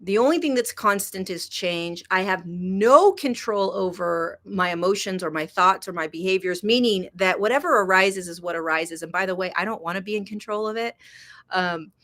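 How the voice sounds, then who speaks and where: A woman hosting a casual spiritual livestream, chatty, greeting viewers by name and swinging from soft to excited. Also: mid-range voice, normal speed. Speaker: host. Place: indoors in Kenya.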